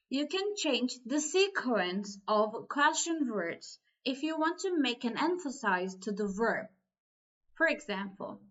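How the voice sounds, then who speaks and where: A woman gives a language lesson at an unhurried pace, her voice slightly high. She explains step by step and repeats the important points. The recording sounds dull and lo-fi. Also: fairly bright tone. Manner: slow, deliberate explaining, repeating key words. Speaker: Turkish language teacher.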